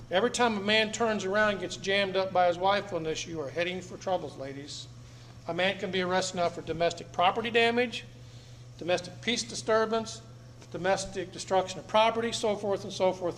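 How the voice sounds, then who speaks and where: Blunt high-voiced man lecturing a crowd. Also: a bit bright. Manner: blunt, emphatic, repeats phrases for effect. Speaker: speaker addressing an audience. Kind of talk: public talk to a live audience. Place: meeting room with seated audience. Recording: echoey room, faint background noise.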